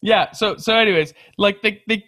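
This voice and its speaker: A young man casually telling a long story on a podcast, animated, swearing and laughing as he goes. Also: high-pitched, normal speed, no room sound. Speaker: podcast co-host.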